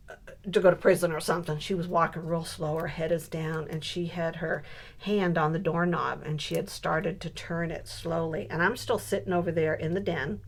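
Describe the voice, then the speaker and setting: A woman in her sixties telling a funny family story in a casual, animated way while she works on a scrapbook page. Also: lowish voice. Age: 60s. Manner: animated storyteller who builds to punchlines. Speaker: scrapbooking crafter.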